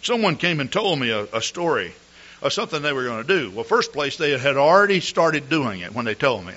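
A man preaching a Sunday morning sermon, telling stories and clearing his throat often. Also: medium pitch, very animated, a little fast, pushed and bright. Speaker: pastor. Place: church service. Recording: dull lo-fi recording.

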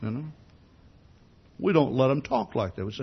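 A man's voice: medium pitch, big pitch swings, moderate pace, gravelly, breathy edge, muffled recording. A man preaching a sermon in a conversational way, asking many rhetorical questions and often repeating words as he starts a sentence. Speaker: pastor.

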